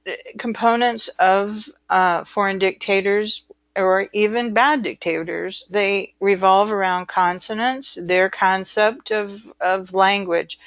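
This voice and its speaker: A woman teaching medical transcription in a loose, talkative way, wandering off on asides and mimicking the people she quotes. Her voice sits at an ordinary pitch for a woman. The recording is muffled and lo-fi, with no room sound around it. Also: fairly bright tone, no echo. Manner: chatty, digressive, acts out quoted voices. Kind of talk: informal lecture. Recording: dull lo-fi dry recording.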